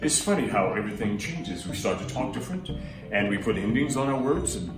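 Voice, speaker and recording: A man's voice: fairly low pitch, sing-song, a little fast, recorded from a distance, over music. Chatty preacher man, echoey room. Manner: chatty, laughing, acts out voices in his stories. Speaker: minister. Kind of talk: casual sermon with storytelling. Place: live stream from a roomy space.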